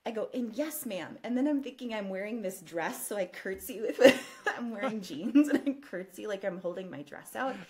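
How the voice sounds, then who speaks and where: A woman guest telling an animated personal story in casual conversation, often breaking into laughter. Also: medium pitch, a little fast, few pauses, a crowd in the background. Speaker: podcast guest.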